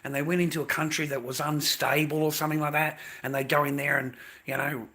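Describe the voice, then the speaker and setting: A man's voice: a little high, little pitch movement, fast, bright, forceful tone. A middle-aged man with an Australian accent ranting to his livestream chat, blunt and swearing constantly as he repeats his points. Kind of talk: profane livestream rant to chat.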